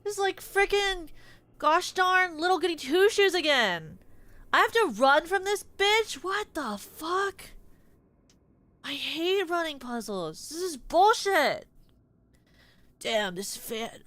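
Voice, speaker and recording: A young woman streaming a game and reacting live, swearing often and breaking into sudden loud outbursts. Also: sits high, expressive, slow pace, no echo. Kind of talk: live gameplay commentary.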